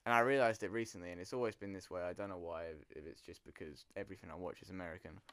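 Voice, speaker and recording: A young English man with an English accent chats in a hesitant, self-deprecating way. His voice is smooth and fairly low, and it sounds dry and close. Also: fairly even intonation, racing, fairly bright tone, no room sound. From England. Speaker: guest musician. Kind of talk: casual chat.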